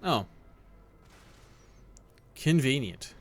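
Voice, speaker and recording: A man's voice: mid-range voice, very animated, extremely slow, soft background music. A man giving casual let's-play commentary as he plays, chatting with a viewer. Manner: chatty, talks to a viewer while playing. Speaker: gameplay streamer.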